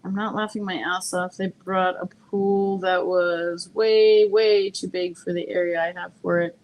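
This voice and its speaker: A woman's voice: lowish voice, little pitch movement, a little slow, a little mellow. A woman chatting as a guest on a gossip livestream, exclaiming and laughing in disbelief. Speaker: panel guest. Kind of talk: casual gossip chat.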